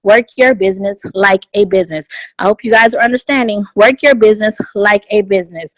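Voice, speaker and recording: A woman leading a motivational business training session on a conference call, energetic and repeating her key phrases for emphasis. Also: mid-range voice, brisk, no room sound. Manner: energetic and repetitive, hammers home key phrases. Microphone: phone conference line.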